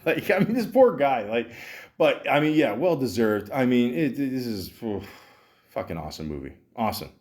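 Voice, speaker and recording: A man hosting a podcast, reviewing movies in a rambling, excitable monologue, swearing freely and restarting his sentences often. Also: medium pitch, moderate pace. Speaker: podcast host.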